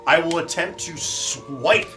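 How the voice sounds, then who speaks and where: A man's voice: fairly high pitch, slow, music in the background. A man playing a tabletop role-playing game, dramatic and joking about his character's plight. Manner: animated, dramatic, swears and laughs. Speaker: player.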